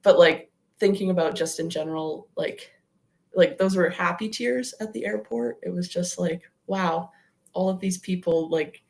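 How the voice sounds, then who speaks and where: A woman's voice: on the low side, normal speed, vocal fry, a little mellow. A young adult woman, a guest athlete on a podcast, talking casually and reflectively with lots of "like" fillers. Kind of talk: podcast interview.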